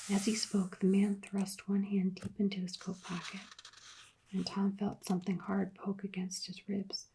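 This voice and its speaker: A woman narrating an adventure book in a soft-spoken ASMR reading, hushed and partly whispered. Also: mid-range voice, little pitch movement, normal speed, vocal fry, slight background noise.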